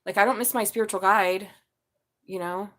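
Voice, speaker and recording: A woman's voice: mid-range voice, fairly even intonation, normal speed, a bit bright. A middle-aged woman reading tarot on a casual live stream, blunt and chatty, swearing freely. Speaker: tarot reader.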